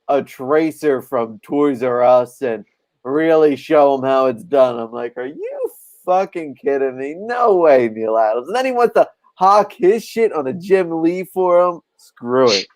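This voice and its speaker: A man chatting on a podcast as a comic book artist, telling profane, animated stories. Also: fairly high pitch. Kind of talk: casual podcast chat.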